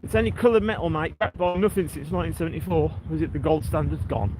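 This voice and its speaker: A man's voice: on the high side, fast talker, background noise. A man, hosting a casual walking livestream by the sea and chatting to his viewers by name. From England. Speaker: livestream host. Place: outdoors on a seaside breakwater.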